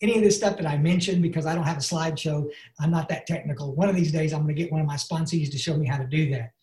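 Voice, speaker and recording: A man's voice: on the high side, fairly even intonation, rapid-fire, darkish tone, reverberant. A man giving an earnest, folksy recovery talk full of "and, uh" fillers. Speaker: recovery speaker. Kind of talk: personal testimony talk. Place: online meeting.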